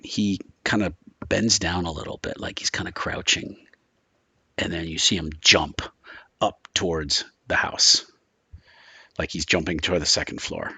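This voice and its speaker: A man's voice: sits low, unhurried, gravelly, sharp tone, slightly rough, no echo. A man running a tabletop horror game as game master, describing scenes in a loose, rambling way full of filler words.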